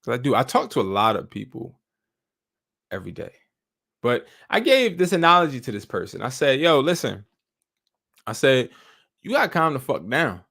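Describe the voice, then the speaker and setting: A man's voice: mid-range voice, very animated, moderate pace, creaky, long pauses, a bit bright. A man hosting a live stream, chatting casually and telling stories in loose slang with profanity. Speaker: host.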